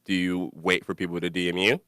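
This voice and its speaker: A young man hosting a casual podcast, telling stories in an animated way, laughing often and cursing freely. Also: deep voice, brisk, clean tone, no echo, studio quality. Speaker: podcast host.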